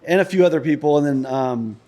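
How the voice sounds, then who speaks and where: Relaxed rambling man in casual chat. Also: on the high side, quick pace. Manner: relaxed, rambling with many fillers. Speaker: guest, pipe business founder. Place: old industrial building, pipe shop.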